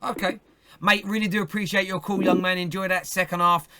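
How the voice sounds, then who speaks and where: A man's voice: high voice, level tone, brisk, heavy background noise. A man hosting a live football fan phone-in, chatting casually, teasing and laughing often. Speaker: phone-in show host.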